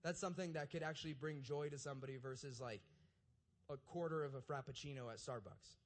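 A man's voice: mid-range voice, fast. A young adult man, a youth pastor, reads scripture and then preaches a casual, conversational sermon, often checking in with the audience by asking "right?".

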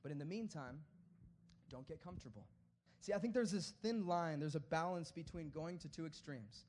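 A preacher whose voice is unusually high and light gives his sermon casually and with plenty of energy, talking fairly quickly. He moves between playful asides and quiet, sincere pleas but never gets formal.

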